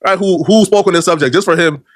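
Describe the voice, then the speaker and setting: A man rattles off slang-heavy, mocking commentary at a rapid clip, his voice sitting slightly high. The close mic leaves it dry, with no room sound at all. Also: dry recording. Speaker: commentary video host.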